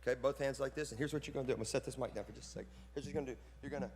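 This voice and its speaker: A man's voice: mid-range voice, very fast, heavy background noise. A man preaching to fellow pastors, joking and breaking into bursts of preacher fire. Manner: lively, joking, preacherly outbursts. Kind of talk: conference sermon to pastors. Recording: hall reverb.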